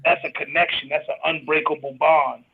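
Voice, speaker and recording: Casual talk-show guest, man, husky and fairly high, heard over a tinny phone line, halting and heartfelt. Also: little pitch movement. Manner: halting, emotional, trails off mid-sentence.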